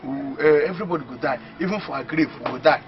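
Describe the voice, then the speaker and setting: An actor with a Nigerian accent playing an excitable young village man who laughs and boasts about his plans. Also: a little high, quick pace, natural voice. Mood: boastful. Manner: exclaiming, laughing often, animated. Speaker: actor in a comedy film. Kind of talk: Pidgin comedy film acting. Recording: dull lo-fi film audio.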